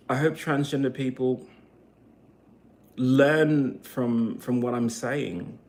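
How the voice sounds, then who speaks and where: A man delivering a heated, profanity-filled monologue rant as a vlogger, swinging between loud outbursts and quiet, emotional stretches. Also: mid-range voice, fairly even intonation, takes it slowly, long pauses.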